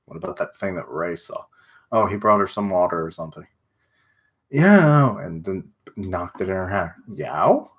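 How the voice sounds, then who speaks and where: Low-voiced man reading aloud on stream. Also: very animated, a little slow, long pauses, slightly rough. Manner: reads dialogue plainly, breaks off with casual asides. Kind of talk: live read-aloud with reactions.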